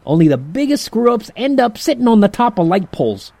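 A man's voice: high voice, big pitch swings, a little fast, gravelly, dark tone, dry recording, full character voice. An actor playing a jovial, sleazy male demon who talks in slangy, chuckling banter in an audio drama. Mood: wisecracking.

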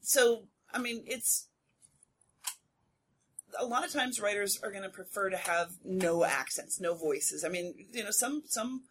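A woman voice actor speaking on a convention panel, chatty and quick to correct herself, laughing easily. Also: mid-range voice, fairly bright tone, a little hiss or hum.

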